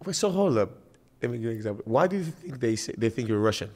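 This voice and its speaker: A man hosting a podcast, chatting casually with lively, stammering restarts. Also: mid-range voice, rapid-fire. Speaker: podcast host.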